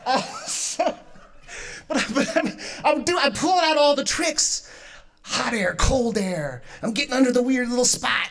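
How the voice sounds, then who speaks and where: A woman's voice: high-pitched, animated, unhurried. A young woman doing a stand-up comedy set, self-mocking and often laughing through her lines. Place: comedy stage.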